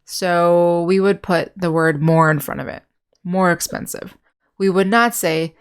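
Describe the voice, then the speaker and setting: Woman english teacher, kinda low voice, patient, walks thru grammar w/ examples. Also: smooth. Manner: patient, explains step by step with examples; slows to spell out and repeat example words. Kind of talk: grammar lesson.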